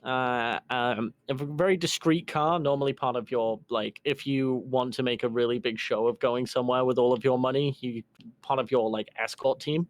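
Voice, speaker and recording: A man running a tabletop game as game master over voice chat, halting and full of restarts. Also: mid-range voice, fairly even intonation, dry recording.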